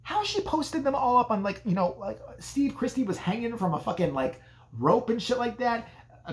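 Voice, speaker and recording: A man casually recapping a horror movie in a profane, sarcastic way. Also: high-pitched. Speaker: movie reviewer.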